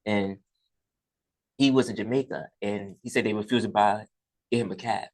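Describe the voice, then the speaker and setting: A man hosting a podcast and retelling stories in a relaxed, rambling way. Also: fairly low pitch, normal speed. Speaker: podcast host. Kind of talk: casual chat.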